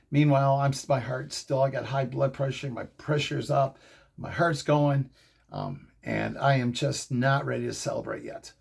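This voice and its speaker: A middle-aged man hosting a fan show, telling a rambling, excitable story in casual commentary. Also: mid-range voice, measured pace. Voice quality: gravelly, husky.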